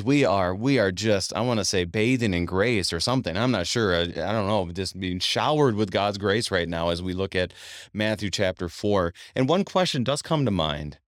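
A man with a lowish voice hosts a Bible study talk show, asking questions in a lively, conversational way. The studio sound is dry and close, with no room echo. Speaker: radio show host.

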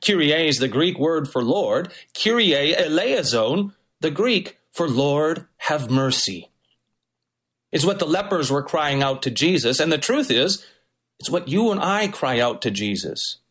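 Man, pastor, sermon, higher voice, animated pitch, emphatic delivery. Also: moderate pace, breathy edge. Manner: preaching with varied, emphatic intonation.

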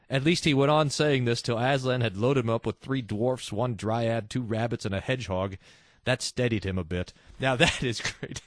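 A man hosting a casual religious talk show, reading listener quotes and mimicking people in quick asides. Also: medium pitch, no room sound, clean studio sound. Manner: animated, mimics voices in asides. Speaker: host.

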